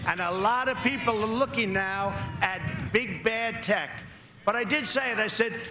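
A man's voice: high voice, a little slow, background noise. Emphatic man speaking at an echoey rally. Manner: repetitive, emphatic, rambling asides. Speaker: political candidate. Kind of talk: campaign rally speech.

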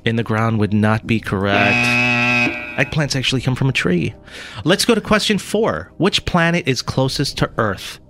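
A man's voice: medium pitch, normal speed, over music. Teasing radio quiz host, man. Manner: teasing, lively, reads out multiple-choice answers. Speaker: radio morning show co-host running a quiz. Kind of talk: playful quiz hosting.

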